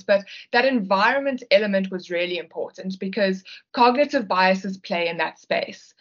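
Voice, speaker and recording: A South African woman explains her work as a guest on a podcast, taking her time and pausing to rephrase. Her voice sits at a middle pitch. The audio is slightly muffled. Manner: explanatory, measured, with occasional restarts. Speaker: guest, behavioural linguistics consultant. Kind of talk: podcast interview.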